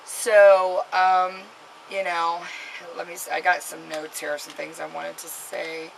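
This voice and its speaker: A woman's voice: fairly low pitch, little pitch movement, slow pace, vocal fry, slight background noise, rough recording. A mother vlogging to camera, telling a story in a rambling way with many fillers and restarts and giving an earnest, scolding warning.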